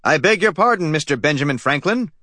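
A man's voice: fairly high pitch, expressive, fairly quick, pushed and bright, no echo, clean studio sound, pitched above the performer's own voice. Man doing a pompous grand father. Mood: grandiose. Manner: grand, intoning. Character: pompous middle-aged father, grand and theatrical.

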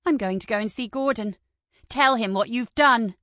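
A woman's voice: fairly high pitch, normal speed, pushed and bright, no room sound, clean studio sound. A woman voicing a defiant, hot-tempered teenage schoolgirl who talks back angrily and cheekily. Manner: cheeky, angry back talk.

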